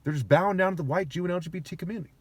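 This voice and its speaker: Guy ranting at the camera, high husky voice, argues and swears a lot, dry close sound. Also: very fast, no echo. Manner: aggrieved, argumentative, heavy swearing. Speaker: vlogger. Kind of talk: agitated ranting monologue.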